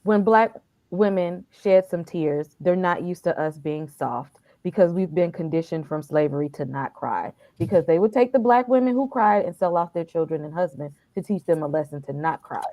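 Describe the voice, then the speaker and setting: A woman's voice: fairly low pitch, expressive, normal speed, warm tone, no room sound. Woman panelist, earnest and explanatory, dry recording. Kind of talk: casual live discussion.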